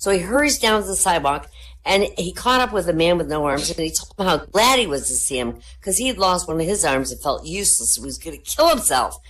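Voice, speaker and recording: Woman, very low voice, joke teller, deadpan storytelling, comedy night in a voice chat. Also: quick pace. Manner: deadpan storytelling, lifts pitch for punchlines. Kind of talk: telling jokes at an online comedy night. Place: online voice chat room.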